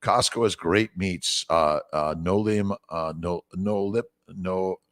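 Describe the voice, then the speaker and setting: Older guy in his 60s chatting on a morning livestream, really low voice, dry close sound, rambly and encouraging, reads out viewer names. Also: slow, a bit bright, no echo. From United States. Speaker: doctor hosting a morning livestream. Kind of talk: casual livestream chat reading viewer comments. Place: away from his usual office. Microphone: phone mic.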